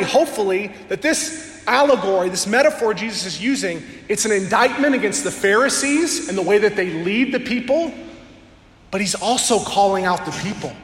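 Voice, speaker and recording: High-voiced man preaching in an echoey hall. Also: a bit bright. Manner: earnest, draws out key words slowly for emphasis. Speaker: pastor. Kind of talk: sermon. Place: church sanctuary before a congregation. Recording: echoey hall with long reverb.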